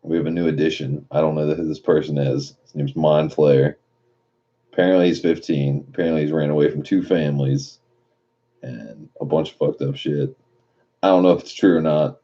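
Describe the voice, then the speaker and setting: Very deep, dark-voiced man streaming late at night. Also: steady tone, normal speed, lo-fi sound. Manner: loose, profane, reads chat messages aloud and riffs on them. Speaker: live streamer reading chat.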